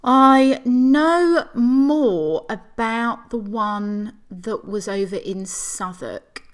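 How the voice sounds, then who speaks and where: A woman's voice: on the high side, extremely slow. A woman co-hosting a chatty podcast, with a wry, mock-indignant manner. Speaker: podcast co-host. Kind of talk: casual chat.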